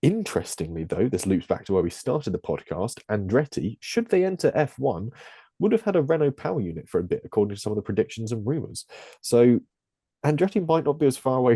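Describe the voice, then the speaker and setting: Low, mellow man hosting a podcast. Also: expressive, a little fast, husky, no room sound, clean studio sound. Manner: reads news items, jokey asides. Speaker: podcast host. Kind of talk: casual podcast chat.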